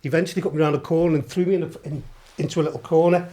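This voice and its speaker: A podcast guest from Liverpool, England, with a higher voice and a Scouse accent, races through storytelling anecdotes. He's animated, swears a lot, and laughs while he tells them.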